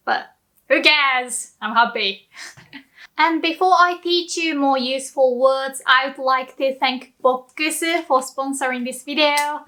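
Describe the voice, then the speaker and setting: A woman teaches in a chatty, giggly way, walking through everyday examples. Her voice sits high and sounds bright and sharp. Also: fairly even intonation, takes it slowly. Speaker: Japanese language teacher. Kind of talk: casual language lesson.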